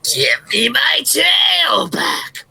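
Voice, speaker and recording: A man voicing a vengeful furry beast that slowly howls its demand from far off, for a tabletop game story. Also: extremely high pitch, very animated, gravelly, a little hiss or hum, voice pushed up, full character voice. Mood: menacing howl. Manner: drawn-out shouted howl from afar.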